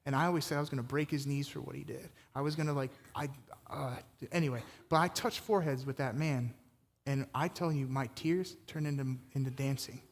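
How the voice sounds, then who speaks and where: A man preaching a sermon in a conversational, energetic way with casual fillers, speaking to a congregation. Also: mid-range voice, fairly quick, big-room sound. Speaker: pastor.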